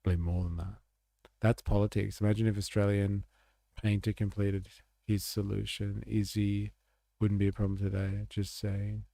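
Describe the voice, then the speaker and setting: A man's voice: on the low side, little pitch movement, normal speed, creaky, warm tone, no echo, clean studio sound. A man giving casual, sarcastic political commentary on a livestream, rambling and reacting to clips. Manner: live-translates German clips.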